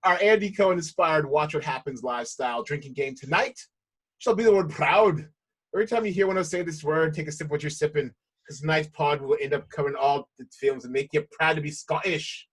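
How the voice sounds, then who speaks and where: A man's voice: on the high side, fairly quick, husky. Hyped, playful male podcast host. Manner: hyped, playful, laughs often. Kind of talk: casual podcast chat.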